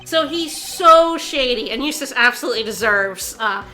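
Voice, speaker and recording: A woman streaming a video game, chatting casually with her viewers, excitable and insistent, repeating herself and laughing often. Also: on the high side, normal speed, faint music behind. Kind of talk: casual game commentary to chat.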